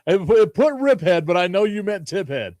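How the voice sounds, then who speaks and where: A man hosts a casual sports talk stream, joking and rambling with lots of laughter. His voice sits a bit high for a man. The sound is dry and close, with no room echo. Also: big pitch swings, brisk, darkish tone. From Chicago. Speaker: sports talk show host.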